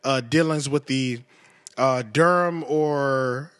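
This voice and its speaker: A man's voice: mid-range voice, slow, a bit bright, no echo. A man hosting a podcast in casual, emphatic chat, often asking if you know what he's saying. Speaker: podcast host.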